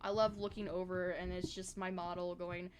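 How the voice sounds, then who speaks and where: A woman's voice: on the low side, flat delivery, moderate pace, background noise. A woman from the American South chatting casually on a live stream, rambling with lots of fillers.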